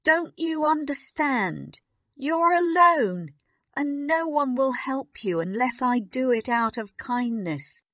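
A woman's voice: mid-range voice, slow, dry recording, studio quality, lightly acted. A woman voicing a stern, cold headmistress in an audiobook, speaking in a commanding, scolding tone. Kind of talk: audiobook character reading.

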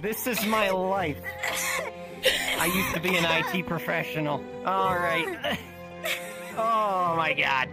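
A woman joking loudly with friends on a stream, clowning around and mocking herself. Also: lowish voice, slow, pauses often, loud music behind the voice, low-quality recording. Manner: loud, clowning, self-mocking. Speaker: stream guest. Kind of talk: casual joking chat.

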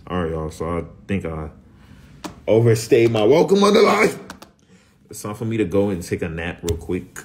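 A young man, vlogging casually, energetic and profane, often dropping to whispers. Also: lowish voice, normal speed, a little hiss or hum. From Florida. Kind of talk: casual vlog talk.

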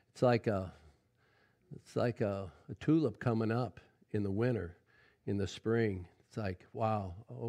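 A middle-aged man preaching a sermon as pastor, folksy and conversational, swinging from loud exclamations to quiet asides and often calling out "Amen?". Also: on the low side. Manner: folksy preaching with frequent "Amen?" call-outs.

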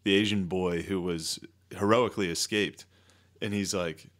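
A young man co-hosting a podcast, retelling scenes with deadpan, mock-serious jokes. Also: low-pitched, moderate pace. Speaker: podcast co-host. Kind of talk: casual podcast chat.

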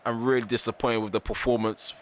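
Speaking fast in a flat, medium-pitched voice, this gaming YouTuber vents his frustration while playing a football video game live. He keeps repeating himself in slangy phrases.

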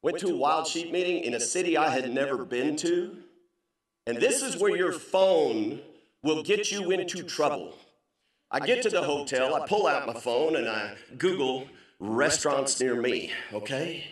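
A middle-aged man giving a comedic keynote speech, telling stories in a punchy, joking way with sudden loud outbursts. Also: on the high side, expressive, unhurried. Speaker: keynote speaker. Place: large banquet hall. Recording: very echoey hall, voice from a distance.

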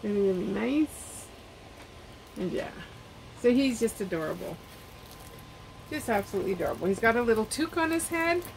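A woman's voice: on the high side, lively intonation, moderate pace, vocal fry, pauses often, a little hiss or hum, rough recording. A woman chatting casually at home as she unboxes and reviews craft kits, rambling and trailing off mid-sentence.

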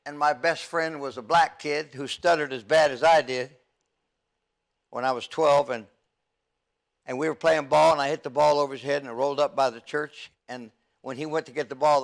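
An older man and youth evangelist giving an earnest, halting testimony from the pulpit, with frequent stammers and restarts. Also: on the high side, fairly even intonation. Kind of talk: testimony sermon.

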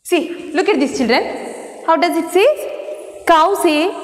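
Woman teacher, slow and sing-song, spelling words out for young pupils, echoey room with a long tail. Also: sits high, very animated. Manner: spells words out letter by letter, asks and answers questions. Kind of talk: classroom lesson for young children.

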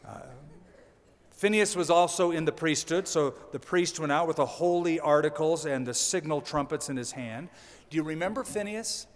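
A man's voice: on the high side, moderate pace, long reverb tail. A male pastor preaching a sermon in a conversational way, with dry humorous asides.

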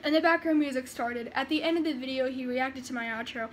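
A woman's voice: high-pitched, fairly quick, a little hiss or hum. A woman vlogger chatting nervously with sighs, then reading her own story aloud. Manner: rambling, sighing, nervous. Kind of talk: casual chat and story reading.

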